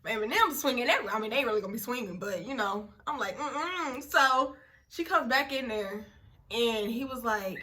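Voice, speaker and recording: A young woman telling a story in casual chat, blunt and slangy with quick asides. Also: a little high, expressive, bright, forceful tone.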